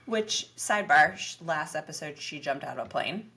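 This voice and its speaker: A woman co-hosting a podcast, recapping a reality dating show in casual chat and acting out quotes in lively voices. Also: low-pitched, moderate pace. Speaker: podcast co-host.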